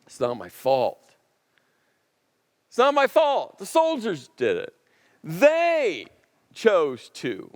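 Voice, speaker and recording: A man's voice: on the high side, big pitch swings, measured pace, dry recording, clean studio sound. Saul, a preacher playing an excuse-making king. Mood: protesting. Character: defensive ancient king shifting blame.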